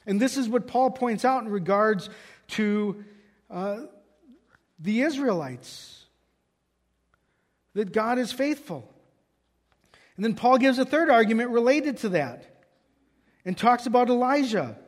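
High-voiced preacher in a reverberant hall. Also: male voice, animated, slow, long pauses. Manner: storytelling, quoting scripture with raised voice. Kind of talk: sermon.

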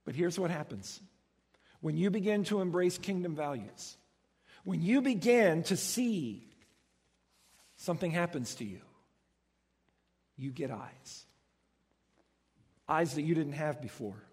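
High husky-voiced guy preaching a sermon, lots of hall echo behind him. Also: slow pace, pauses often. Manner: animated storytelling, acts out voices. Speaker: pastor.

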